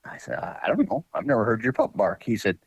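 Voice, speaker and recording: A man's voice: on the low side, wildly swooping pitch, fast, gravelly, breathy edge, no room sound, rough recording. A man guest on a podcast, telling hunting-dog stories in a rambling, folksy way with lots of fillers. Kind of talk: casual storytelling.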